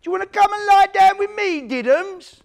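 A man's voice: extremely high pitch, expressive, normal speed, creaky, voice pushed up, exaggerated voice. A man putting on the voice of prison inmates who taunt a crying boy in mocking baby talk.

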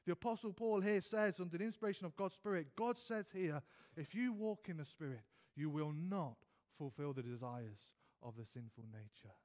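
A British man delivers an earnest evening sermon in a church, his voice sitting a little higher than most men's. He often stumbles over and repeats words, then presses his points with rising emphasis. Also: normal speed, a little mellow. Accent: British English. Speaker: preacher.

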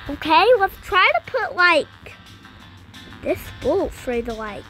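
A young girl giving casual gameplay commentary, getting excitable and frustrated at the game. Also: very high-pitched, takes it slowly, soft background music. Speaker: gamer.

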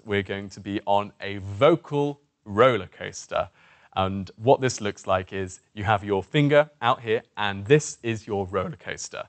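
A man coaching a voice warm-up lesson, encouraging and demonstrative as he guides participants through exercises. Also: fairly low pitch. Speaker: presentation skills coach.

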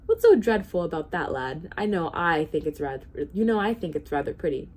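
A woman's voice: lowish voice, big pitch swings, brisk, darkish tone. A woman voicing a vain, carefree male captain of the guards who breezily waves off danger in a storybook reading. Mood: breezy. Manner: breezy, dismissive.

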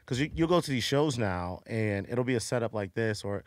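A man hosting a casual podcast, lively, laughing often and tossing in quick replies. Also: mid-range voice, no echo, clean studio sound. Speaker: podcast host.

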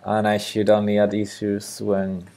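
A man's voice: lowish voice, completely flat delivery, a little slow, dark tone. A man with a Spanish accent, thinking aloud and chatting with viewers during a late-night coding live stream. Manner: thinking aloud, muttering to himself, answering chat. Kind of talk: casual live-stream chat while coding.

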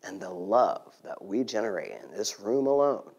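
Male guest speaker, casual sermon delivery, shifts between loud and hushed. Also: fairly low pitch, normal speed, slightly rough. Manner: conversational, laughing, dropping to a hushed near-whisper.

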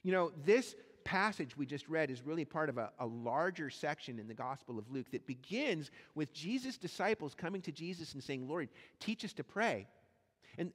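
Animated male pastor in a reverberant church. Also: fairly high pitch. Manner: animated, acts out quoted voices in his storytelling. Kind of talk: sermon. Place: church sanctuary. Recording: long church hall reverb.

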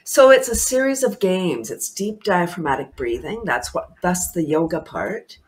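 A woman's voice: lowish voice, expressive, moderate pace, hardly any pauses. A woman guest on a talk show, speaking with bubbly enthusiasm, laughing often and repeating herself for emphasis.

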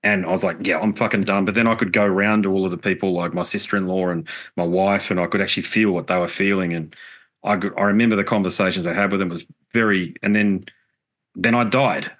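Middle-aged man, very low voice, earnest and reflective, swears casually; interview guest. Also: steady tone, fast, fairly bright tone. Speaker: podcast guest, musician.

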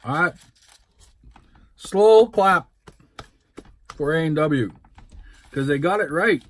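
A man's voice: a little high, normal speed, fairly bright tone, breathy edge. A man with a Canadian accent, talking casually and upbeat in a food-tasting vlog, rambling between topics. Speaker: food vlogger. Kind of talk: casual mukbang vlog talk.

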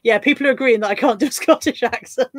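A woman's voice: a little high, fast. A woman hosting a casual live stream, giggling, swearing and reading out viewer comments. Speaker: livestream host.

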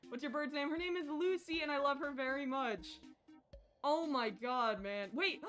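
A young woman streaming a game live, chatting casually with her viewers and getting excitable. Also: high-pitched, moderate pace. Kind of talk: casual live-stream chat while playing. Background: faint background music.

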